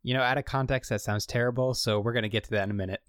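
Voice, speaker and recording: A man co-hosting a casual podcast, recapping a show and acting out the characters' lines in an animated way. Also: mid-range voice, rapid-fire, no echo, studio quality. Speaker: podcast co-host recapping an episode. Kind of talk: casual chat.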